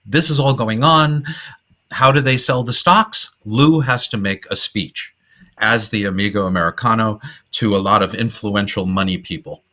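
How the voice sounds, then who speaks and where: A man's voice: lowish voice, normal speed, sharp tone. A middle-aged man hosting a podcast, casually and enthusiastically retelling old comedy film scenes and laughing often. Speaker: podcast host.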